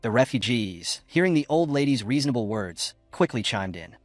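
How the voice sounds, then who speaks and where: Lively male recap narrator. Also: medium pitch, moderate pace, no room sound, faint music behind. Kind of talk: scripted narration of a comic recap.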